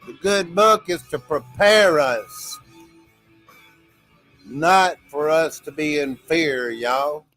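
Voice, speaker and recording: A man's voice: a little high, slow, a bit bright, no echo, faint music behind. A man hosting a casual livestream, talking to viewers in a drawl, laughing often. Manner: drawling, laughs often, keeps saying "y'all". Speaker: livestream host.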